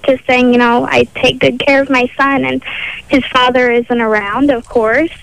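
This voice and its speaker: A young woman calling into a radio show, telling her story in a halting, matter-of-fact way. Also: high voice, little pitch movement, vocal fry, rough recording. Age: young adult. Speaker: caller. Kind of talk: phone-in radio call.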